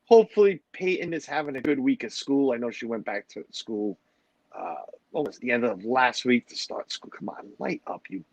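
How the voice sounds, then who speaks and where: A man's voice: medium pitch, lively intonation, moderate pace, no echo. A middle-aged man hosting a livestream, rambling and joking as he greets his chat. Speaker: livestream host. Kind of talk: casual chat with a live audience.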